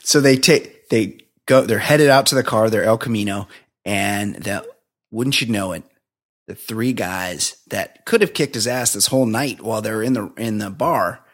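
A man's voice: fairly low pitch, moderate pace. A man co-hosting a podcast, chatting casually and profanely about a film and laughing often. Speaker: podcast co-host. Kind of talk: casual movie-review chat.

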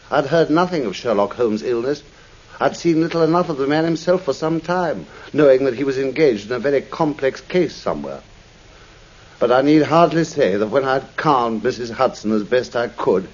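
An actor playing an anxious Victorian doctor who narrates earnestly and urges others on, in a 1950s radio drama. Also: male voice, mid-range voice, breathy edge. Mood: narrating. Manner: urgent, earnest storytelling. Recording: dull lo-fi old radio recording with hiss.

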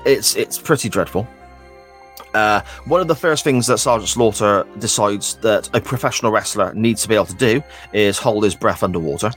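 A man's voice: fairly low pitch, moderate pace, a bit bright, faint music behind. A man co-hosting a wrestling podcast, recapping a clip in a sarcastic, sweary, casual way. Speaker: podcast co-host. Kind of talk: casual chat.

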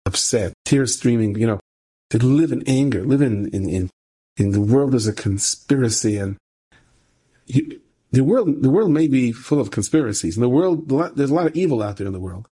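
Husky-voiced rabbi telling a story. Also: male voice, moderate pace. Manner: conversational, repeats phrases for emphasis, rising pitch when animated. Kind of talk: told story with a moral lesson.

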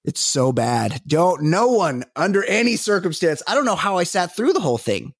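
A man's voice: high voice, big pitch swings, moderate pace, slightly rough, dry recording, clean studio sound. A man co-hosting a comedy podcast in casual chat, rambling and trailing off as he hunts for names. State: recovering from a finger injury. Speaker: podcast co-host.

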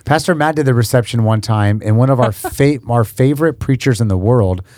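A man's voice: mid-range voice, brisk, dark tone, no room sound, studio quality. A man who is a pastor, hosting a church podcast in an upbeat, chatty way. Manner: enthusiastic, chatty.

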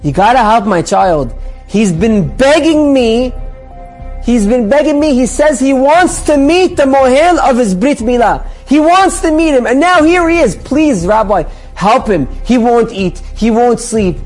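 A man's voice: very high voice, lively intonation, measured pace, a little mellow, soft background music, heavily acted. A man voicing an anxious pleading mother. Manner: urgent, repetitive pleading.

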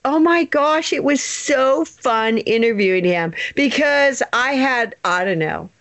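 A woman's voice: lively intonation, takes it slowly, a bit bright, no echo. Bubbly woman with a dry close sound. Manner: bubbly, laughs often, big leaps in pitch. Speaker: author and podcast guest. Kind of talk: casual interview chat.

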